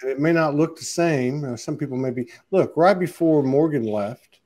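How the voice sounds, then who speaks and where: A man's voice: on the high side, moderate pace, a little mellow. Man, easygoing co-host, loose phrasing, slips into quoted voices, chatty. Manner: laid-back, says "man" and "you know", acts out quotes. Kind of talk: casual conversation.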